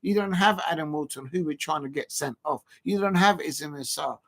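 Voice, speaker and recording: A man with a high-pitched voice hosts a live football fan stream. He talks in loose, mocking banter, taunting rivals and slipping into chant snippets and jeering sounds. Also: a little fast, gravelly, fairly bright tone. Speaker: fan channel host.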